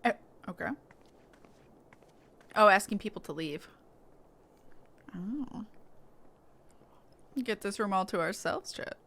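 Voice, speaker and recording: A woman streaming a video game, chatting casually with her viewers in an excitable way and swearing now and then. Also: mid-range voice, moderate pace, creaky, long pauses. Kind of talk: casual gaming stream commentary.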